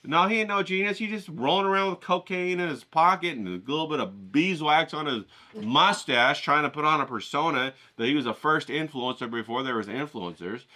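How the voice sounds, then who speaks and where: A man's voice: on the high side, a little fast. A man in a casual vlog, telling rambling, profane comic stories while he paints outdoors. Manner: profane, rambling, lively storytelling. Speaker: painting vlogger. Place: outdoors at a golf course.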